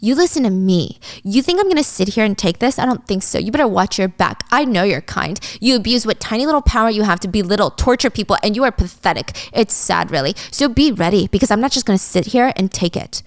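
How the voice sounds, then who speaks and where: A woman's voice: medium pitch, lively intonation, fast, few pauses, no room sound, natural voice. A woman voicing a fierce young businesswoman who speaks coldly and threateningly. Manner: cold, threatening.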